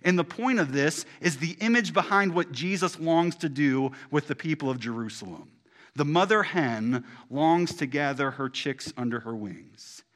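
A man preaching a sermon in a conversational way, full of rhetorical questions and restarts, moving between loud bursts and soft, hushed passages. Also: fairly high pitch, animated, moderate pace. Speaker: pastor.

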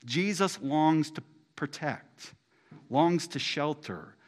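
A man preaching a sermon in a conversational way, full of rhetorical questions and restarts, moving between loud bursts and soft, hushed passages. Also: on the high side, expressive, takes it slowly. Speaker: pastor.

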